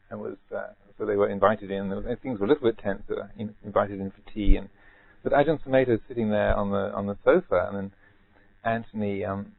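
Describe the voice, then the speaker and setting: Low-voiced monk giving a rambling Dharma talk. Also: male voice, creaky. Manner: rambling, repeats words, gently humorous. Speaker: Buddhist monk teacher. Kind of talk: retreat Dharma talk, anecdotal. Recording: tinny phone-like band.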